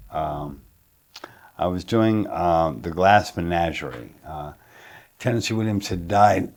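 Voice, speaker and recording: Very low-voiced man telling a story. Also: darkish tone. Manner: casual and rambling, with many fillers. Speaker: actor. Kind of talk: interview anecdote.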